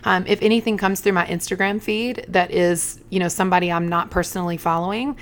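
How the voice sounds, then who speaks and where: A woman's voice: on the low side, a little fast. A woman in her thirties co-hosting a faith-based podcast, speaking frankly and matter-of-factly. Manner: frank, matter-of-fact, steady. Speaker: podcast co-host. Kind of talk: faith-based casual conversation.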